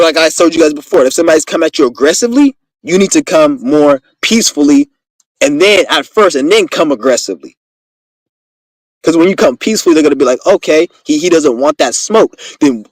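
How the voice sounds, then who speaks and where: A man talks fast and loose in a casual monologue, boastful and full of cursing. His voice sits a little high. The sound is dry, with no room echo. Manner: rambling, profane, boastful storytelling. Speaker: vlogger.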